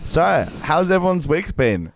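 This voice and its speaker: A man's voice: on the high side, very animated, a little slow, gravelly, no echo, studio quality. A man hosting a podcast outdoors in a front yard, playful and giggly as he leads casual banter. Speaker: podcast host.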